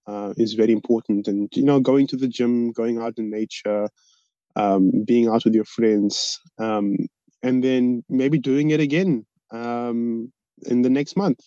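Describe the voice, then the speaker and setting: A man in a band, talking on a podcast in an articulate, measured, reflective way. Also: medium pitch, fairly even intonation, dark tone, dry recording. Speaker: band member. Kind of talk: casual podcast chat. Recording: dull, lo-fi sound.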